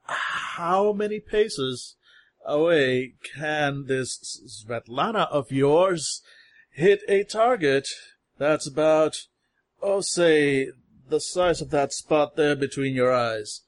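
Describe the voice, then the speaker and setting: A man's voice: fairly high pitch, expressive. A man doing a tipsy boastful sharpshooter. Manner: halting, repeats himself, drawn-out boasts. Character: boastful tipsy male sharpshooter, friendly swagger.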